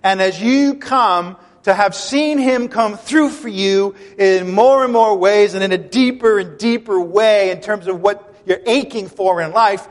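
A pastor preaching a sermon in an animated, emphatic way, mixing conversational asides with his teaching. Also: high-pitched, unhurried, hardly any pauses, long reverb tail.

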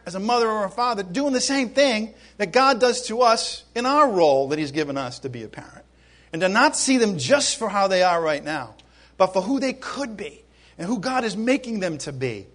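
A middle-aged man preaching a sermon as a pastor, emphatic and animated, asking rhetorical questions and laughing now and then. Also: high voice.

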